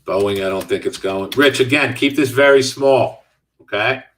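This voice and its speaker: A man's voice: mid-range voice, moderate pace, fairly bright tone, far from the mic, a little hiss or hum. A middle-aged man hosting a live trading stream, talking casually and answering viewer chat as he trades. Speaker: stock trading host.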